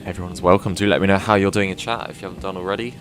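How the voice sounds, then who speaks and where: A man's voice: sits low, steady tone, very fast, faint music behind. A British man chatting casually to viewers during a flight sim live stream, rambling and self-deprecating as he works.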